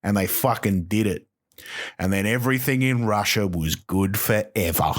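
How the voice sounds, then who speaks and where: A man's voice: on the low side, normal speed. Sweary man ranting. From Australia. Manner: sweary, rambling, sarcastic. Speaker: comedian, podcast host. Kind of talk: stand-up style rant.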